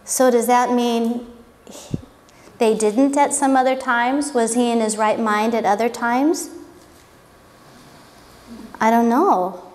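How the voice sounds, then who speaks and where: A woman's voice: on the high side, darkish tone. A woman giving an informal Bible lesson, chatty and wondering aloud. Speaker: Bible teacher. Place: church hall. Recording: echoey hall with long reverb.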